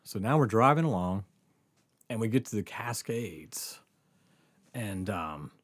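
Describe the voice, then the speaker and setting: A man's voice: on the low side, measured pace, dry recording. A man telling a casual story on a podcast, full of fillers, swearing and laughter. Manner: animated, laughs often, lots of fillers and swearing.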